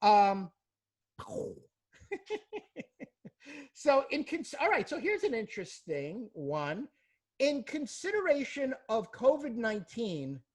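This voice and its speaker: An enthusiastic woman runs a live question-and-answer webinar over a video call. Her fairly high voice swings widely in pitch as she pitches her coaching with a salesy, upbeat push. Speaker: host, practice coach.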